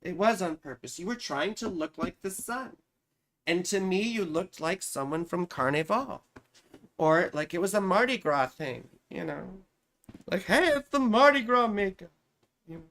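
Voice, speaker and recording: A woman's voice: mid-range voice, expressive, normal speed, a bit bright. A woman astrologer giving a casual live-stream reading, chatty and profane, who keeps answering her chat.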